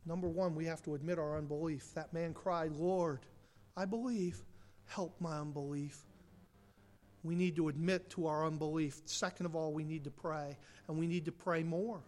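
A male pastor preaching an impassioned sermon that swings from loud emphasis to quiet intensity, with direct questions to the congregation. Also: on the high side, level tone, a little fast, few pauses.

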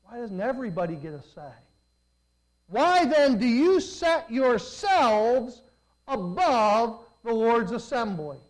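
A preacher voicing indignant rebel Israelite leaders in a high, shrill, accusing way during sermon storytelling. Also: very animated, takes it slowly, low-quality recording.

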